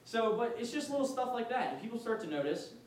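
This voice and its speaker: A man's voice: sing-song, fast. A young man giving a casual faith talk as a student retreat speaker, chatty, laughing often and using many fillers. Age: young adult. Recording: echoey room from far off, faint rumble.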